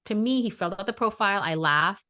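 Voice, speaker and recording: A woman, co-hosting a podcast and telling dating stories in a lively, chatty way, acting out quotes. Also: medium pitch, fast talker. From New York area. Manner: animated storyteller, acts out quotes. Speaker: podcast co-host. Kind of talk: casual chat.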